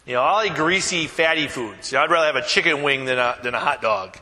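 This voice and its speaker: A man's voice: medium pitch, quick pace, sharp tone, big-room sound. A man preaching a sermon as pastor, talking casually with anecdotes, many fillers and restarts. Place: church.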